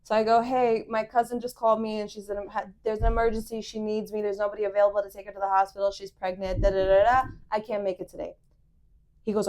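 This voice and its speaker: A young woman co-hosting a casual chat show, telling a dating story in an animated way and acting out what people said. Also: mid-range voice, quick pace. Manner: animated, quotes people in lively voices. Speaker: podcast co-host.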